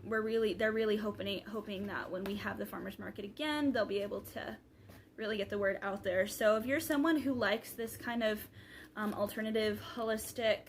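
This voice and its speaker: A woman's voice: mid-range voice, slight background noise. A young woman, chatting casually in a vlog, rambling with many fillers. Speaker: vlogger.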